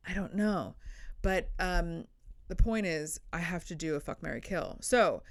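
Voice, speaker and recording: Young woman comic rambling on her podcast, smooth lowish voice, dry close sound, blunt and kinda self-deprecating. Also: a little slow, dry recording. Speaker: podcast host, comedian. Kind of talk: casual solo comedy podcast. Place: indoors, sitting on the floor.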